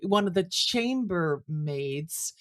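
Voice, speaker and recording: Older female guest, low-ish voice, animated raconteur. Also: takes it slowly. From France, raised in Canada. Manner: animated storyteller, drops into quoted voices. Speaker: guest, singer and actor. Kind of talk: conversational interview storytelling.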